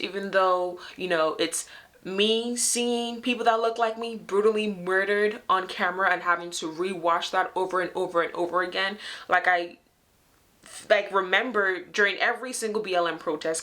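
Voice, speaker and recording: Bright-voiced emphatic woman host. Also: mid-range voice. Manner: emphatic, fed-up, addresses viewers directly with rhetorical questions. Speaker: host of her own video series. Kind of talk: direct-to-camera commentary.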